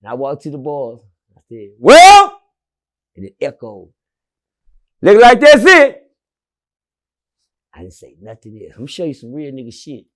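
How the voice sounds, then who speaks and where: A man telling a long prison story as an interview guest, swinging from loud shouts down to low murmurs and cursing freely. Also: animated, quick pace. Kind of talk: animated storytelling.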